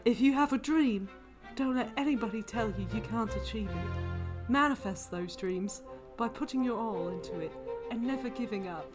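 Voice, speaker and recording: A hammy, high-pitched fake-Cockney male racing driver, as a woman puts him on for laughs. The caption comes out with mock poetic flourish. Music plays faintly behind the voice. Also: moderate pace, close to an everyday voice. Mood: mock earnest. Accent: put-on bad Cockney. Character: exaggerated male British racing driver impression.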